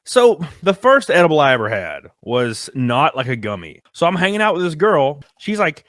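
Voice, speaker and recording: Animated young man telling a wild story. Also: fairly high pitch, brisk, hardly any pauses, no echo, studio quality. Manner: animated, swears casually, says "like" often. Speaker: guest storyteller. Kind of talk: casual storytelling on a live stream.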